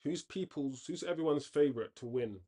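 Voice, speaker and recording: A man hosting a casual football watchalong, chatting on tangents and reacting loudly to the play. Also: fairly high pitch, brisk, breathy edge. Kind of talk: casual live match commentary.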